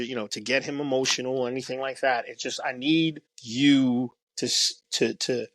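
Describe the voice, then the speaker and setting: A man's voice: medium pitch, fairly bright tone, no echo. Rambling man talking with many restarts. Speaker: guest documentary filmmaker. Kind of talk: casual podcast conversation.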